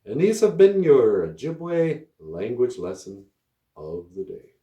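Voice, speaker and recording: Slow, laughing man telling stories. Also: mid-range voice, huge pitch swings, dark tone, roomy sound. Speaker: host of language podcast. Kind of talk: casual storytelling lesson.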